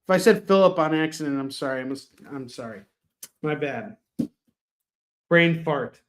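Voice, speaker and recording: Between self-deprecating quips, a male host of a live shopping stream greets viewers by name and promotes merchandise. His intonation is lively and his speed normal.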